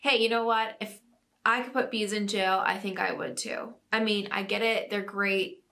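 A woman's voice: mid-range voice, fairly even intonation, moderate pace, sharp tone. A woman in her thirties hosting a podcast, reading out listener stories and chatting casually with frequent laughs. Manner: giggly, chatty, laughs often. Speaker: podcast host.

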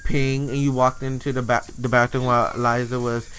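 Bright-voiced sassy gaming commentator. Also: male voice, medium pitch, a little fast. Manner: animated, sassy, voicing characters' thoughts with mock swearing. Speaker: let's play host. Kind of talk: casual gameplay commentary. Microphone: desk USB microphone.

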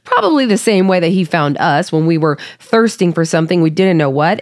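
A woman's voice: on the low side, very animated, a little fast, few pauses, dry recording, clean studio sound. A woman from Hawaii hosting a Bible study, reading scripture and explaining it in a heartfelt, conversational way. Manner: warm, earnest, heartfelt and conversational.

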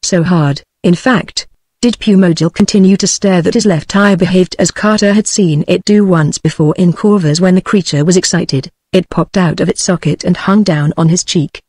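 A synthetic text-to-speech voice narrating an adventure novel with even, mechanical phrasing and a dry sound. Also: medium pitch, normal speed, breathy edge, no room sound. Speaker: audiobook narrator.

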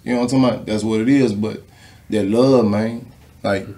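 A former football player tells stories in a casual interview, full of slang and swearing. His voice sits a bit low for a man. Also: fairly quick. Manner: animated, slangy, swears freely.

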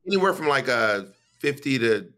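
A man's voice: mid-range voice, sing-song, moderate pace, fairly bright tone. A man hosting a podcast in casual chat, gossiping animatedly and swearing freely. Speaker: podcast host.

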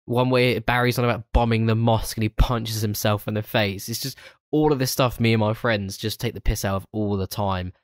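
A young man chats about films on a podcast, his voice sitting on the low side. He swears freely and laughs easily as he talks. The sound is close and dry, with no room around it. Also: brisk, few pauses, no echo. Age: 20s. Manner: swears freely, laughs often, animated retelling. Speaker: podcast co-host. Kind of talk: casual film review chat.

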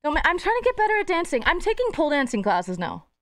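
A woman's voice: high-pitched, wildly swooping pitch, crowd noise. A young woman streaming live, chatting casually with her chat, playful and profane. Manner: playful, swearing, quick jumps between topics.

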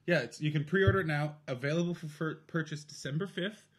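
A man's voice: fairly high pitch, a little fast, slightly rough. Brash, profane Canadian man. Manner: brash and profane, swings into loud mock rants. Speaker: guest comedian. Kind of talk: casual podcast banter.

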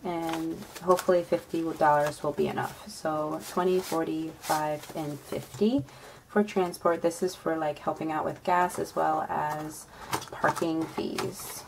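A woman making a casual budgeting vlog, counting money softly under her breath and breaking into excited squeals. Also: low-pitched, unhurried, vocal fry, low-quality recording. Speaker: budgeting vlogger. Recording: home recording with street noise behind. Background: passing bikes and street noise.

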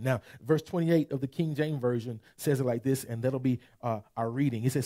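A pastor giving a sermon, reading scripture slowly and emphatically, with his own comments in between. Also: medium pitch, steady tone, dark tone.

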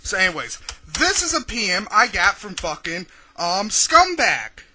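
A man delivering a furious, profanity-filled rant on his video channel, swearing constantly and shouting insults. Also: sits high, very animated, unhurried, slight background noise. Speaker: YouTube vlogger. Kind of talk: angry profane rant to camera.

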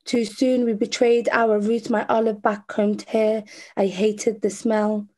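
Earnest Scouse woman, dark-toned. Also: mid-range voice, little pitch movement, unhurried. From Liverpool, England. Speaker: poet. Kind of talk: spoken-word poetry performance.

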